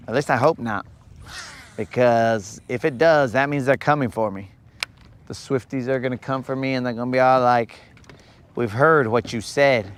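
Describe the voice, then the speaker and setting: A young man hosting a live fishing stream, chatting casually in a rambling, joking way from a boat on a lake. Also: medium pitch. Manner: rambling, joking, slow-paced. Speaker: fishing livestream host.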